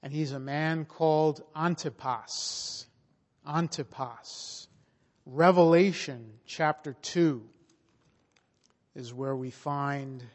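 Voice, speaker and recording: Slow, emphatic preacher in a reverberant hall. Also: male voice, medium pitch, a little mellow. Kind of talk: sermon. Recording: long reverb of a large hall.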